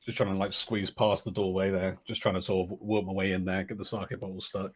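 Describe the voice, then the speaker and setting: A man describes his character's actions in a tabletop game, rambling and hesitant, leaning on filler words. His voice sits somewhat low. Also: level tone, fairly quick. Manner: rambling, hesitant, lots of "sort of". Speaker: player. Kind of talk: tabletop role-play chat.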